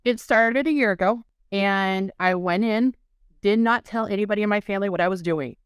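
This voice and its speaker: A woman's voice: mid-range voice, brisk, smooth, no room sound, clean studio sound. A woman guest on an interview show, earnestly recounting her own experience as a patient. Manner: earnest, emotional storyteller. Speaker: dental implant patient guest. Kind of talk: personal story in podcast interview.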